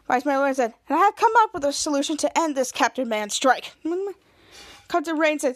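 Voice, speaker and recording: A woman's voice: quick pace, no echo, clean studio sound. A woman hosting a podcast, retelling a TV episode scene by scene, acting out quotes and often restarting her sentences. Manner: retells scenes, acts out quotes with raised pitch, many restarts. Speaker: podcast host. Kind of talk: casual episode recap.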